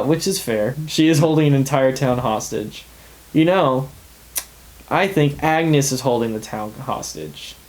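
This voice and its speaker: A man's voice: mid-range voice, a little mellow, rough recording. A young man co-hosting a podcast, chatting casually and laughing often as he recaps a TV episode. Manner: chatty, laughs often, acts out characters' lines. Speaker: podcast co-host.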